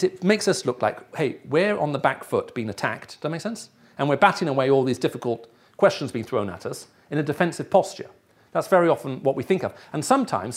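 A man's voice: fairly high pitch, breathy edge. A middle-aged man with an English accent, raised in the Middle East, preaching a sermon to a live audience and often checking in with his listeners. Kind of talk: sermon teaching.

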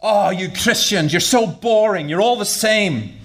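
A man's voice: sits high, measured pace, fairly bright tone, pitched above the performer's own voice. A man doing a jeering rock-fan mate. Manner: jeering, scornful. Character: teasing male rock-fan mate in a queue.

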